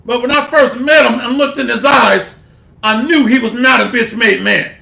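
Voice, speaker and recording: A man's voice: extremely high pitch, steady tone, moderate pace, creaky, sharp tone, roomy sound. A man giving a blunt, street-style sermon, reading scripture aloud and mixing it with slang and profanity. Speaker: bible teacher.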